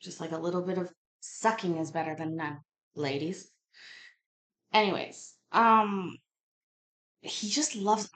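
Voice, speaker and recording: A woman's voice: fairly low pitch, a little slow, long pauses, fairly bright tone. A woman hosting a show, reacting to court footage with crude, sarcastic and mocking remarks in a casual way. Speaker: host commenting on court footage.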